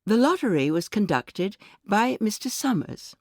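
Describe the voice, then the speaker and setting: A woman reading a short story aloud in a measured, expressive storytelling manner. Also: medium pitch, no echo. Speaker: audiobook narrator.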